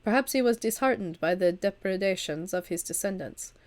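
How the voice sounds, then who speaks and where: A woman's voice: medium pitch, lively intonation, fairly quick, a little mellow. A woman reads a vampire story game aloud on a livestream. She is at the tail end of an illness, stumbles and restarts now and then, and drops into chatty asides between passages. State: recovering from a long illness. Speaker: streamer and storyteller. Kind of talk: reading a vampire visual novel aloud on a livestream.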